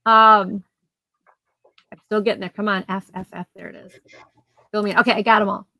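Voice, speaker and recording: A woman's voice: medium pitch, little pitch movement, brisk, creaky, sharp tone, dry recording, rough recording. A chatty woman running a casual live sale from home, describing items and laughing easily. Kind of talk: casual live auction chat. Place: home, near her garage.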